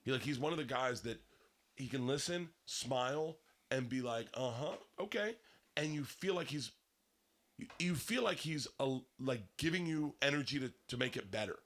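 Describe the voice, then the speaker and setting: A man telling a long story on a podcast, profane and animated, swinging between loud excited bursts and low hushed asides. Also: normal speed. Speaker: comedian guest telling a story.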